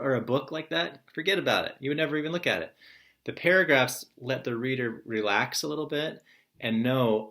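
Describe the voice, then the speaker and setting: A man talks to his students in a recorded morning message. He is calm and encouraging, the way a teacher sounds when he walks a class through the day's work. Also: medium pitch, fairly quick. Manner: relaxed, encouraging, explains step by step.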